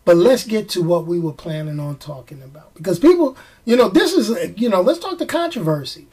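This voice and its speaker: A man with a New York accent chatting casually to camera as a movie vlogger, emphatic and repetitive, laughing at himself and jumping up in pitch when worked up. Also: very animated, fairly quick, a little mellow, slightly rough. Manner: chatty, emphatic, repeats phrases for effect.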